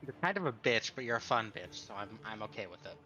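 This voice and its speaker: A man playing in a tabletop game stream, speaking low-key with hesitant fillers. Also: sing-song, fast talker, pushed and bright, dull audio, soft background music. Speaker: player. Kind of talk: casual chat while gaming.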